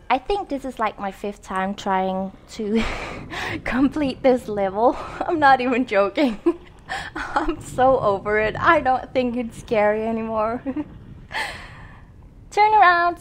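Chatty young woman with a high voice. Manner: chatty, self-mocking, laughs often. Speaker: gaming channel host. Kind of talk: casual let's-play commentary.

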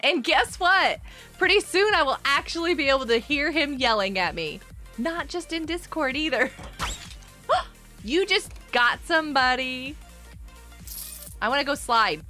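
Woman streamer chatting w viewers while gaming, high voice that swings all over, excited bursts. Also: measured pace, long pauses, faint music behind. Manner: chatty, greets viewers by name, excited outbursts. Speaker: live streamer host. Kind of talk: casual gameplay live stream chat.

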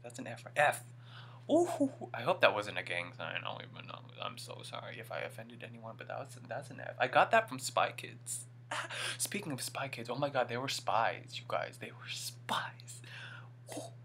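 Young male reaction vlogger, excitable and gushing, with a very lively, swooping voice. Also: medium pitch, normal speed, gravelly, a little hiss or hum. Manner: gushing, excitable, exclaims often.

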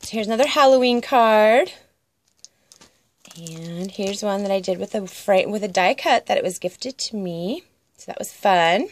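A woman's voice: mid-range voice, unhurried. Gushing woman crafter showing mail. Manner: gushing, excitable, squeals over crafts. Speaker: crafting channel host. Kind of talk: casual show-and-tell vlog.

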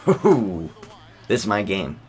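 A man giving excitable, sarcastic commentary over a basketball video game, yelping at big plays. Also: deep voice, a little slow. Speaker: gaming channel host. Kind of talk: gameplay commentary.

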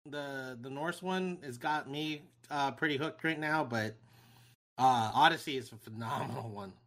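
A man's voice: medium pitch, a little slow, a bit bright. A man co-hosting a casual gaming podcast, putting jokey questions to the others. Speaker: podcast co-host. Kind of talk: casual chat.

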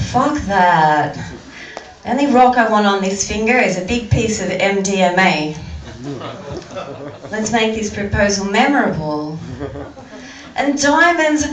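A woman's voice: medium pitch, echoey room, distant mic, low-quality recording. A woman with an Australian accent performing a stand-up comedy set, rambling and restarting her sentences often. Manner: rambling, stammering delivery with frequent restarts. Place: comedy venue with audience.

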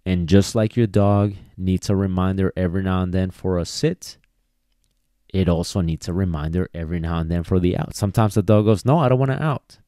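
A man's voice: sits low, fairly even intonation, brisk, warm tone, dry recording, clean studio sound. A man teaching dog training on a podcast. He speaks casually, repeats words as he goes, and acts out bits of dialogue. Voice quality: talks in a casual, repetitive way and acts out quoted dialogue. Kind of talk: solo podcast lesson.

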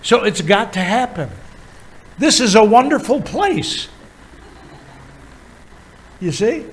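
A man teaching a Bible lesson as a pastor, pausing often with fillers while he explains words. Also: high-pitched, very animated, poor audio. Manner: halting, many filler pauses, chuckles while teaching.

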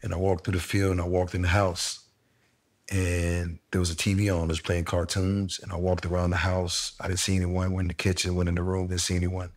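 Deep flat-voiced man telling a story. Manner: slow, reflective storytelling with casual slang. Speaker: interviewee sharing a personal story. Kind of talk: candid conversation.

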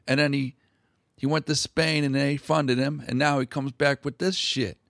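A man's voice: mid-range voice, flat delivery, normal speed, creaky, a bit bright, no echo, clean studio sound. A man doing a bitter, griping townsman. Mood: resentful. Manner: sour, profane griping. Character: resentful male townsman, bitter and crude.

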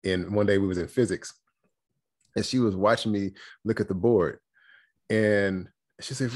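Lowish guy guesting on a podcast, animated, laughs a lot, tells stories. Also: moderate pace. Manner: animated, laughs often, acts out quotes. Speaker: interview guest, happiness coach. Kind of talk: casual storytelling chat.

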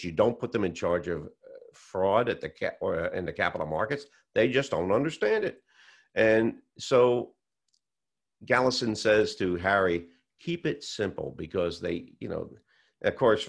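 A man's voice: sits low, vocal fry. A man recounting events in an interview, telling a story and acting out the quoted dialogue as he goes. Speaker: whistleblower telling his story.

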